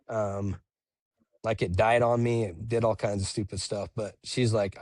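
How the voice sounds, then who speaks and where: A man's voice: lowish voice, fairly even intonation, normal speed, darkish tone, no room sound. Man, young adult, laid-back, slangy, casual storytelling, dry recording. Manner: laid-back, says "dude" and "bro" a lot. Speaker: podcast guest, ultramarathon runner.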